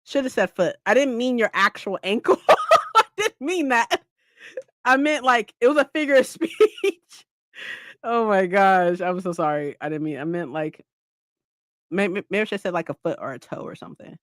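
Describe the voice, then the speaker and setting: A woman's voice: mid-range voice, animated, normal speed, dry recording, studio quality. A woman hosting a reading livestream, chatting casually with her viewers, laughing often and teasing them. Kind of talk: casual chat with live chat viewers.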